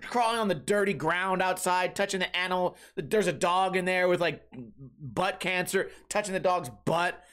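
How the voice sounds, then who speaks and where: Solo male podcast host, higher voice, profane rambling comic monologue. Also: moderate pace. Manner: profane, rambling, animated storytelling. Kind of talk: casual comedic monologue.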